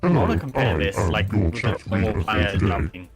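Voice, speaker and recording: A man chatting casually on a gaming stream, halting and searching for words with many ums. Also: sits low, expressive. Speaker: streamer testing a game mod. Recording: faint music behind.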